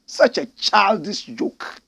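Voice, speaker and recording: A man's voice: high voice, expressive, takes it slowly, gravelly, a bit bright, husky. A Ghanaian man giving impassioned political commentary, indignant and full of rhetorical questions, calling listeners his brothers and sisters.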